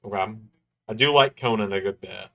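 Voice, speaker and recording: A man's voice: on the low side, normal speed, vocal fry, sharp tone. A man co-hosting a casual wrestling watch-along chat, dropping dry joking asides. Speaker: co-host.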